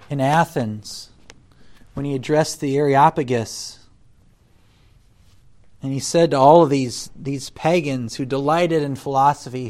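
A man preaching a sermon, deliberate, rising loud when he quotes scripture and dropping soft between points. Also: mid-range voice. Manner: deliberate, swells loud on scripture then drops quiet.

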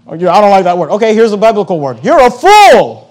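A man preaching a sermon as a pastor, emphatic and repetitive, with rhetorical questions and slow, deliberate scripture reading. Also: high-pitched, darkish tone. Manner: reads scripture slowly and deliberately.

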